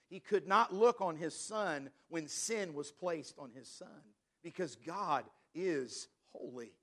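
A man preaching a sermon as pastor, reading scripture slowly and stressing key words. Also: a little high, a bit bright. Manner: preaching, reads scripture in King James wording, slows for emphasis.

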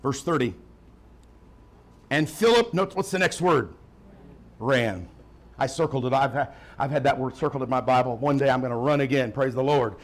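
A man preaching a sermon in church, swinging from emphatic calls to quiet, joking asides. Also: mid-range voice, moderate pace, long pauses. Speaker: pastor.

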